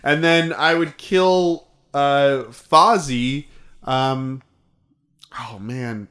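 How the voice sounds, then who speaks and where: A man's voice: mid-range voice, extremely slow, fairly bright tone. A man co-hosting a podcast, joking crudely in casual chat and laughing often. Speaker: podcast co-host.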